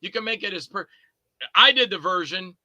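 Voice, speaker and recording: High-voiced rambling man telling stories. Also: expressive, moderate pace, bright, forceful tone, dry recording, rough recording. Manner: rambling storyteller, acts out scenes in character voices. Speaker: filmmaker guest. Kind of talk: casual anecdotes.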